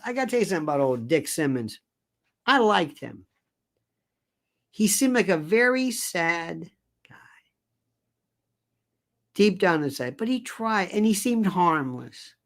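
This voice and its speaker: An older man hosting an opinion commentary monologue, sarcastic and digressive in his delivery. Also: on the high side. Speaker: commentary host.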